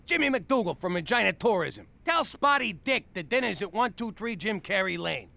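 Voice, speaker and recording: Cartoon ex-mob boss, New York accent, crude, brash, very high, gravelly. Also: male voice, big pitch swings, normal speed, sharp tone, heavily acted. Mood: gruff. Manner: brash, crude, wisecracking tough-guy talk.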